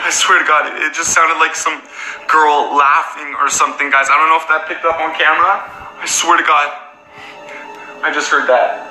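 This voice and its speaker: A man films a staged ghost-hunting vlog in the middle of the night, saying "guys" after almost every phrase. He moves between hushed, shaky talk and panicked yelps, and his voice sits a little high for a man. The recording is echoey, with music playing underneath. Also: little pitch movement, moderate pace. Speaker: paranormal vlogger. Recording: echoey room with background music.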